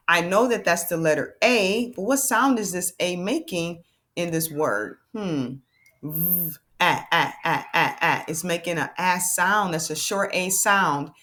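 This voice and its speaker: A woman teaching a children's phonics lesson, slowly sounding out letters and cheering her young learners on. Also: fairly low pitch, a bit bright.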